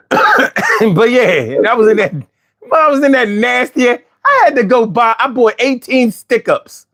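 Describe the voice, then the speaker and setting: A man hosting a casual chat, telling stories with lots of swearing and putting on high voices when he quotes himself. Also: slow pace, pauses often. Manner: animated storyteller, swears freely, jumps into high voices for quotes. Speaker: host.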